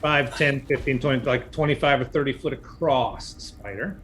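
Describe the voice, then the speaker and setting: A man's voice: mid-range voice, moderate pace, fairly bright tone. A playful man who narrates a tabletop game as dungeon master and laughs often.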